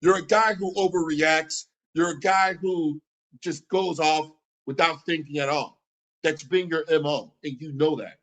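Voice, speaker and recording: A man's voice: fairly high pitch, fairly even intonation, a little slow, a bit bright, low-quality recording. A man streaming a heated reaction, talking back to a video in a combative, mocking, profane way.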